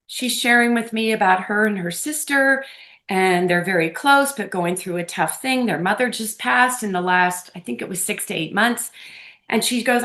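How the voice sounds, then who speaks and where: A bubbly woman on a remote call, her voice sitting a touch high as she tells her stories. She talks in an effusive, animated way, laughing easily. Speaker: podcast guest, medium. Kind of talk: casual storytelling interview. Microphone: phone or remote call.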